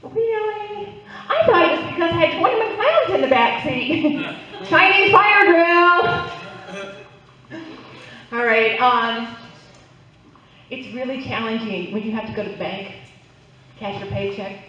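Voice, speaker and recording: A woman's voice: high-pitched, expressive, unhurried, pauses often, pushed and bright. A middle-aged woman doing a playful stand-up set, chatting with the crowd and getting them to play along. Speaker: stand-up comedian. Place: club stage, live audience. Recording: roomy, distant, dull live recording.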